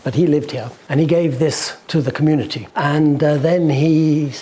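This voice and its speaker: A man in his sixties from England, recalling his life in an interview, rambling and halting with restarts. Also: on the high side, steady tone, dark tone, slightly rough. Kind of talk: casual recollection.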